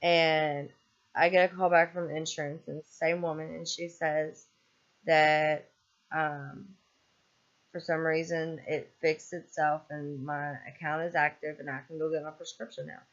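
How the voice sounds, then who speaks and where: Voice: medium pitch, level tone, a little slow, dull audio. A vlogger ranting in a casual, exasperated way, rambling with lots of ums and swearing freely. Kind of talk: casual vlog rant.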